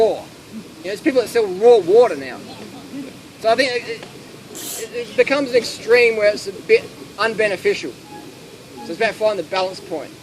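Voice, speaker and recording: In a rough recording from an outdoor festival, steady background noise runs under a man with a high, light voice. He answers audience questions casually, spinning lively anecdotes and voicing the people in them.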